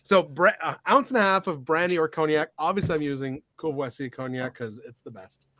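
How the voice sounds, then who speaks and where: A man's voice: fairly high pitch, brisk, pushed and bright, no echo, studio quality. A man hosting a livestream, chatting casually while mixing cocktails, playful and fussy about how drink names are pronounced. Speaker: bartender host.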